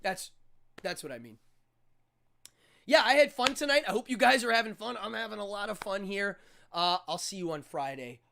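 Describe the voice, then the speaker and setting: A man's voice: sits high, expressive, moderate pace, vocal fry, long pauses, bright, forceful tone, slight background noise. A man hosting a live show, chatting casually in an upbeat, rambling way and laughing easily. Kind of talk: casual live-stream chat.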